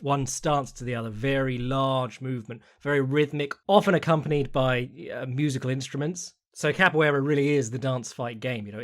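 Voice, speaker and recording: A man hosting a solo podcast, reading out listener questions and answering in a rambling, chatty way with quick asides. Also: mid-range voice. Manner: mimics people in quoted voices. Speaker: podcast host.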